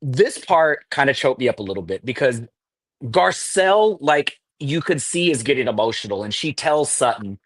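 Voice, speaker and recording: A host recapping a reality TV episode on a live show, animated and laughing often. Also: medium pitch, moderate pace, no echo. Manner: animated storytelling with acted quotes. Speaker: podcast host.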